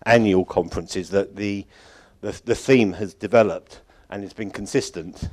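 A man's voice: fairly low pitch, normal speed, darkish tone. A man giving an informal, rambling closing address at a church conference. He chuckles often and keeps correcting himself. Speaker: conference organiser addressing congregation.

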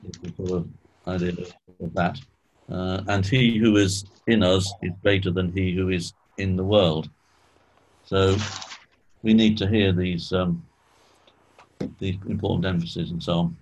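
A man teaching a small group in an informal Bible study, explaining slowly and asking questions, clearing his throat often. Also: low-pitched, steady tone, a little mellow, a little hiss or hum, low-quality recording.

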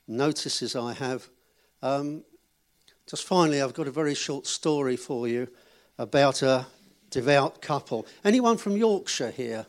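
A man giving notices at a church gathering and then telling a short joke, in a chatty, friendly way. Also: medium pitch. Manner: chatty, friendly announcer, joking with the audience. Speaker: event leader giving notices.

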